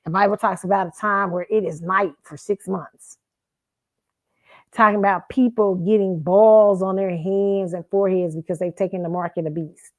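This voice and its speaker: A woman's voice: medium pitch, steady tone, moderate pace, a little mellow, no room sound. Chatty woman host, dry sound. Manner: rambling, self-correcting, chatty. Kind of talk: casual commentary and storytelling.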